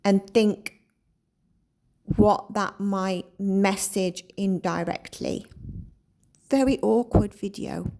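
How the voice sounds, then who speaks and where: A woman's voice: mid-range voice, slow, vocal fry, long pauses, mellow. A woman hosting her own channel, giving reflective commentary on a video and asking viewers to consider how it made them feel. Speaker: psychic channel host.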